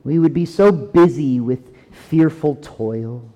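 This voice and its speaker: Man preaching a sermon, high voice, slow deliberate pace, earnest and emphatic, long hall reverb. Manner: earnest, emphatic, with dramatic slowdowns and drops to near quiet.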